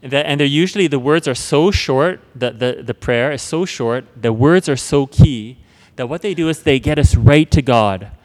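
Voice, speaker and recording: A man's voice: mid-range voice, moderate pace. Earnest man teaching in an echoing hall. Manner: earnest, repeats words and restarts, drops to a hush for prayers. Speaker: preacher. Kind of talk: spoken teaching on prayer. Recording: long hall reverb.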